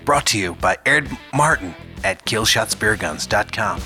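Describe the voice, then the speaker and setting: A man's voice: fairly low pitch, expressive, unhurried, over music. A man putting on a hammy fake-accent ad voice. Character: male ad reader in a deliberately bad put-on accent. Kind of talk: comic sponsor read.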